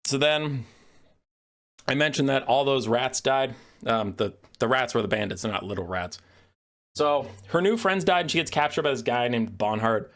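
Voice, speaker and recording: A man rants in a sarcastic, profane way, his mid-range voice swinging up and down with lively energy. He speaks as a video creator laying out a story and then tearing into it. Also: medium pitch, normal speed. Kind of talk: lore rant.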